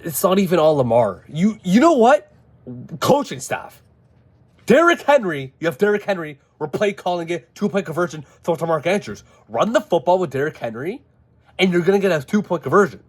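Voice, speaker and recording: A man ranting casually about a football game, animated and exasperated, with frequent swearing. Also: medium pitch. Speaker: football fan vlogger. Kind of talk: casual sports rant.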